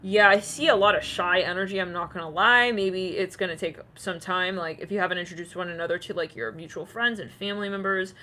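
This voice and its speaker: A woman's voice: lowish voice, fairly quick, few pauses, sharp tone. A woman giving a casual tarot reading, rambling with many fillers and acting out quoted voices. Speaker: tarot reader.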